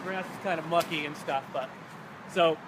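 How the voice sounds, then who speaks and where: A man with a fairly high voice tells local history on an outdoor walking tour. He talks in a casual, animated way and acts out the people in his story. Traffic and street noise run clearly behind him. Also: moderate pace. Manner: animated, chatty, acts out quotes. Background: traffic and city ambience.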